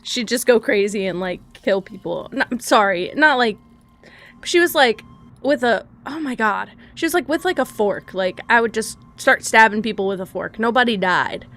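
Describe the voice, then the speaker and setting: Young woman streamer gabbing through a game, giggly, cusses a lot, kinda high voice. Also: moderate pace, fairly bright tone. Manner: chatty, giggly, swears freely. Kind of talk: casual stream chat.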